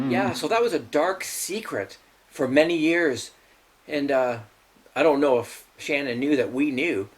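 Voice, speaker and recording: A middle-aged man hosting his own show, telling blunt, profane family stories and laughing through them. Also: medium pitch. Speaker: show host. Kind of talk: rambling personal storytelling.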